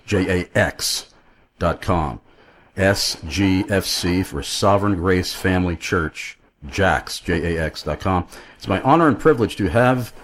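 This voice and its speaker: A man's voice: sits low, a bit bright, slight background noise. A man hosting a Christian talk radio show, chatting earnestly and rambling a little with fillers. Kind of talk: friendly talk radio chat.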